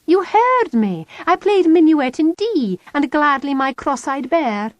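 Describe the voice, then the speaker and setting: A woman's voice: high voice, big pitch swings, unhurried, dry recording. A woman voicing a cheeky, scheming young schoolgirl in an audiobook. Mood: defiant.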